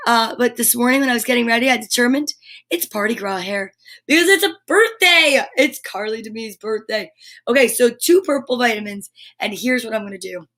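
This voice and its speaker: A woman with a high, bright voice hosts a live stream and talks right to her viewers. Her manner is bubbly and animated, casual and eager. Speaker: host of a live storytime show.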